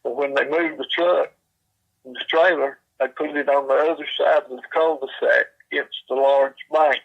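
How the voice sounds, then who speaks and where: A man, slowly retelling a secondhand encounter in plain, folksy speech with frequent fillers. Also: mid-range voice, fairly even intonation, vocal fry, phone-quality sound. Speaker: storyteller.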